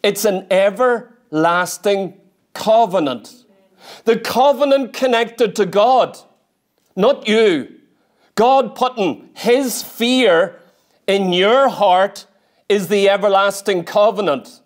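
A man's voice: sits high, slow. A man preacher delivering a sermon in a church, emphatic and full of repeated rhetorical questions.

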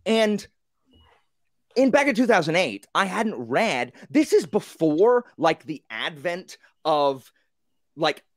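A man in a casual group book discussion, telling the story with animated, acted-out reactions and many fillers. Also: high voice, takes it slowly, no room sound, clean studio sound.

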